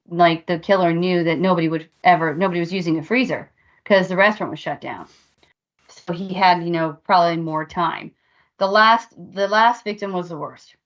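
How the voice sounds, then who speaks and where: A woman with a low voice recounts psychic impressions to her co-hosts in an earnest, drawn-out way. Her casual podcast talk comes through as dull, lo-fi audio. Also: a bit bright. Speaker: paranormal podcast co-host.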